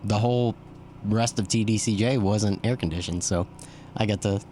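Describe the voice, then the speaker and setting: A man's voice: on the low side, normal speed, warm tone, slight background noise. A man from Texas, a podcast guest, telling stories in a laid-back way and laughing often. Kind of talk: casual podcast interview.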